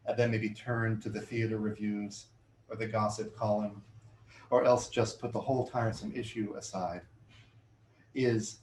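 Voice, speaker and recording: A middle-aged man reading his own poems to an audience in a bookshop, measured and deliberate, with chatty, self-amused asides between poems. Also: lowish voice, a little mellow. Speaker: poet giving a reading. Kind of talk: poetry reading with spoken asides. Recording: roomy hall sound, faint room noise.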